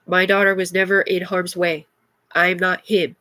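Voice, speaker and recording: A woman's voice: lowish voice, level tone, moderate pace, sharp tone, no room sound. Agitated, profane middle-aged woman. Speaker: livestreamer. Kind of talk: rambling livestream monologue.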